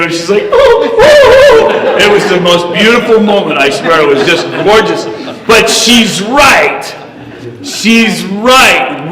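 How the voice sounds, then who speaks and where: A man telling a rousing story to an audience, animated and preachy, heard from far off in a reverberant hall. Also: sits high. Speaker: speaker. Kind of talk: storytelling speech.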